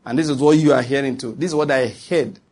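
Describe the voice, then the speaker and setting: A man's voice: mid-range voice, fast, darkish tone. A man preaching a sermon to his congregation, emphatic and repetitive, often turning to check that his listeners follow him.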